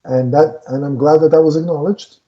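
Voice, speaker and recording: A man's voice: on the high side, steady tone, fairly quick, warm tone, muffled recording. A man co-hosting a casual film review, retelling scenes with lots of restarts and fillers. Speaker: podcast co-host reviewing a film.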